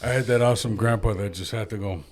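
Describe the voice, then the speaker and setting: A man's voice: on the low side, fairly even intonation, fast talker. A man co-hosting a podcast, joking and telling loose stories in casual banter. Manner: joking, playful storytelling. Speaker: podcast co-host. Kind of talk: casual chat.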